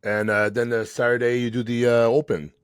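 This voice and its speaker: A man's voice: mid-range voice, flat delivery, fairly quick, smooth, no room sound. A man chats on a podcast, rambling through his ideas with many fillers. His voice sounds close and dry, with no room around it. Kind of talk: casual podcast chat.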